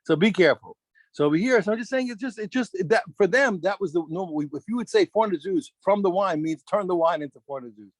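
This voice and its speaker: A man teaching a daf yomi Talmud class, animated, restarting phrases and quizzing his students. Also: high-pitched, quick pace, dry recording.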